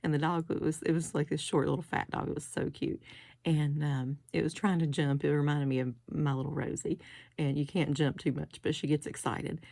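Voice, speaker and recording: A woman's voice: low voice, level tone, normal speed, gravelly, mellow, no room sound, studio quality. A middle-aged woman, chatting casually and rambling through a haul video, with giggly asides. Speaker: crafting vlogger.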